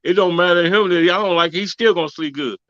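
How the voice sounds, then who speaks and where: Laid-back podcast co-host man, bright voice, dry, dull sound. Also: high-pitched, quick pace, no echo. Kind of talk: casual chat.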